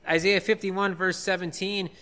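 Male preacher with a high, smooth and very sharp voice, earnest and repetitive in his emphasis. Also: little pitch movement, normal speed. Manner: earnest, repeats key phrases for emphasis. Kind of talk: sermon.

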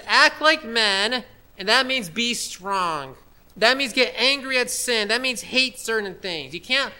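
A man preaching a sermon as a pastor, emphatic and repetitive, with forceful declarations and frequent restarts. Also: high voice.

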